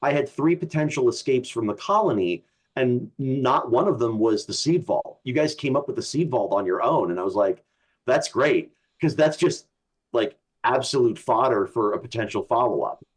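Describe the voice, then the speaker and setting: A man who ran the game talks casually and in a relaxed way. His intonation is lively and moves a lot. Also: medium pitch, normal speed. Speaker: game master guest. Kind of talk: casual chat on a stream.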